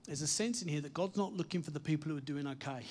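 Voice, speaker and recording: A man preaching a sermon in an earnest, encouraging way, stressing key words and then dropping to a softer tone. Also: a little high, fast. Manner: earnest, encouraging, emphatic with soft dips and laughs.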